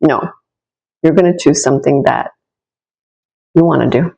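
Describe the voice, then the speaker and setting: A woman's voice: sits low, normal speed, creaky, lo-fi sound. A woman giving a casual tarot reading straight to the viewer, encouraging and reassuring, rambling with restarts as she turns each card. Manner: warm, encouraging, talks straight to the listener; rambling with frequent restarts and asides. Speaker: tarot reader.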